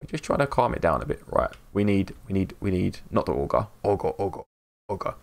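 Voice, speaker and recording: Man, English accent, low voice, gravelly, chatty live streamer, upbeat. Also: very animated, fast. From England. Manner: chatty and upbeat, greets chat by name, laughs often. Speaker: game streamer. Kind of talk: casual live-stream chat while gaming.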